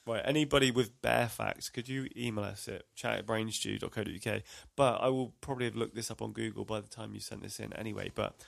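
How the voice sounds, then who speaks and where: A man's voice: lowish voice, steady tone, quick pace, gravelly, few pauses, fairly bright tone. A man co-hosting a podcast, chatting casually, rambling and unsure of his facts, with dry jokes. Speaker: podcast co-host. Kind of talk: casual comedic chat.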